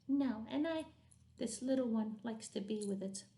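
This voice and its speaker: A woman voicing a small, friendly monster finger puppet that gently tells children it is not scary. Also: on the high side, normal speed, lightly acted. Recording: roomy echo, faint noise.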